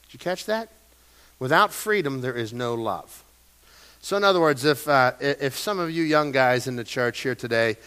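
A man's voice: mid-range voice, bright, forceful tone. A middle-aged man preaching a sermon in a church, folksy and storytelling, with self-deprecating asides. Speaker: pastor. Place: church sanctuary.

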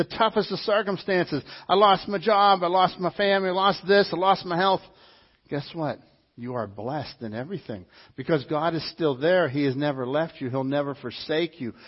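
Husky-voiced man preaching a sermon. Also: fairly high pitch. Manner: animated preaching with mimicked voices and repetition. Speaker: pastor. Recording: dull lo-fi sound.

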